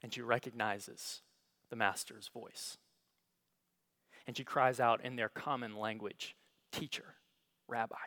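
A male pastor preaching a sermon, telling the story dramatically and swinging between hushed and emphatic delivery. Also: mid-range voice, steady tone, measured pace, pauses often. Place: church.

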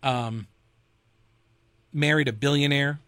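A man's voice: mid-range voice, fairly even intonation, takes it slowly, fairly bright tone, no echo. A man hosting a talk radio show, rambling loosely and sarcastically with fillers and chuckles. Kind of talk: casual political talk radio with host-read ad.

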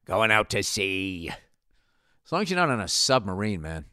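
Male podcast host, sarcastic and swearing, smooth clear voice, bone-dry sound. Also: lowish voice, very animated, normal speed, sharp tone, dry recording. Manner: profane, rambling, sarcastic. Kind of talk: casual comedic rant and ad read.

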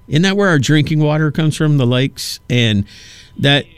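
A man's voice: a little high, expressive, normal speed, clear, resonant tone, no echo. Chatty man hosting talk radio. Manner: rambling, storytelling with acted-out quotes. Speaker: radio talk show host. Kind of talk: casual radio monologue.

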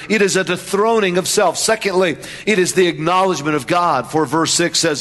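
A man with a somewhat high voice preaches to his congregation, leaning on repeated refrains and direct questions. His words ring out with a long reverb, as from a church sanctuary. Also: moderate pace, few pauses, fairly bright tone. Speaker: pastor. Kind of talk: sermon.

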